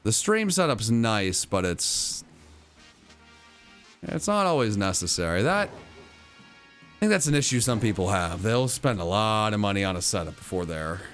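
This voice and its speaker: A man's voice: lowish voice, very animated, a little slow, long pauses, a bit bright, faint music behind. A man streaming a video game, playful and theatrical, talking to his chat. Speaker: gaming streamer. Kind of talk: live stream commentary and chat reading.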